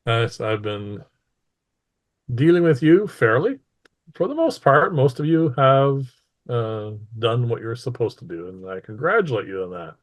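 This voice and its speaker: A man voicing a cold, scheming female ruler who threatens her townsfolk in a slow, deliberate way, during a tabletop game. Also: mid-range voice, big pitch swings. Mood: menacing. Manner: smug, menacing, slow and deliberate.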